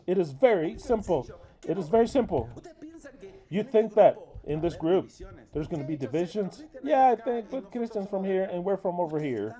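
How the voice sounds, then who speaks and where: High-voiced man interpreting a sermon, scolding. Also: sing-song, normal speed, dark tone. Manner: crude, scolding and emphatic. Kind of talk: English voice-over interpretation of a sermon.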